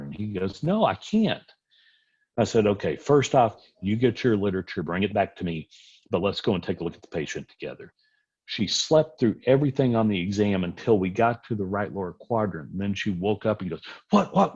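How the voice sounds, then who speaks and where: A man's voice: deep voice, a little mellow, breathy edge. A middle-aged man, a physician giving a conversational medical lecture and acting out dialogue in his stories. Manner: storytelling, acts out dialogue in anecdotes. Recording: dull lo-fi audio.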